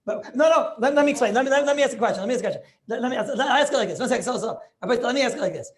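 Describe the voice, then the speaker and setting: Extremely high-pitched and very fast, a man argues a Talmudic point in a Torah class held over video call. His eagerness shows as he restarts sentences and keeps asking "right?".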